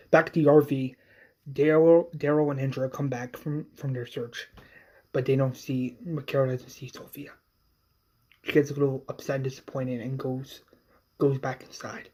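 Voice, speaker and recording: A man casually recapping an episode of a fan series, halting and repeating words as he goes. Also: medium pitch, flat delivery, mellow.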